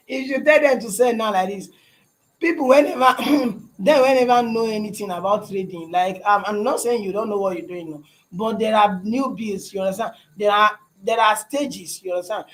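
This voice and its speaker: A Nigerian man hosts a casual livestream from his shop. His voice sits high for a man. He talks in loops, repeating lines and checking in with "you understand?". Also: low-quality recording. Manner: repeats phrases, keeps asking "you understand?". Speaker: livestream host.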